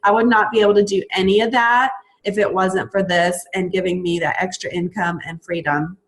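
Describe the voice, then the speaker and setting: A woman's voice: medium pitch, steady tone, fairly quick, low-quality recording. A young adult woman, a fitness coach, talking enthusiastically on a recruiting call, with frequent ums.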